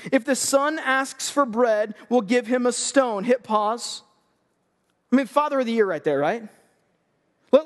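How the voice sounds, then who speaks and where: A man in his thirties preaching on a church stage, energetic and joking in a conversational way. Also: very high voice. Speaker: youth pastor. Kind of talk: sermon. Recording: long hall reverb.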